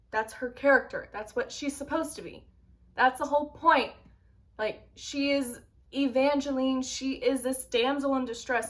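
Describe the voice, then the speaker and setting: A young woman in a casual book vlog, reacting with animated, dramatic bursts of mock outrage. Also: fairly high pitch. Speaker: book vlogger.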